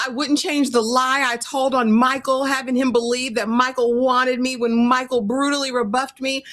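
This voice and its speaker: A woman's voice: sits high, fairly bright tone. A woman hosting a live reality TV recap, retelling scenes in a sassy, dramatic way. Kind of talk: casual live recap chat.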